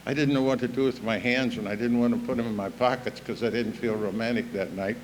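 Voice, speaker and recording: A man's voice: mid-range voice, steady tone, quick pace. An older man gives a personal recovery talk in a plain, down-to-earth voice. His storytelling is folksy and earthy, with a "you know" here and there. He speaks to a meeting hall, with a faint room hum behind him. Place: evening recovery meeting hall, live audience.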